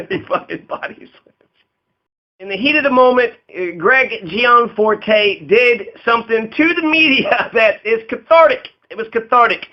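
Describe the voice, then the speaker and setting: A man with a very high, animated voice offers casual political commentary at a measured pace with few pauses. He rambles and swears, laughs often, and acts out quotes in a raised voice. The audio is dull and lo-fi.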